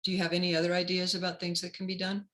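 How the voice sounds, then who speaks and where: A woman career counselor giving a webinar talk in a measured, instructive way. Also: lowish voice, completely flat delivery, fairly bright tone, rough recording.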